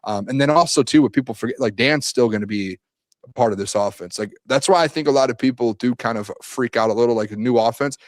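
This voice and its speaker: A man's voice: medium pitch, fast, no room sound. A man co-hosting a sports talk show, optimistic and rambling, with many fillers in casual chat.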